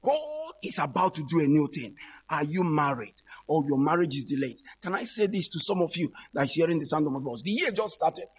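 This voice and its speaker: A man preaches over the radio. His voice sits a little high and is husky, and he speaks in fervent, repetitive appeals aimed straight at the listener. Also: big pitch swings, fairly quick, lo-fi sound.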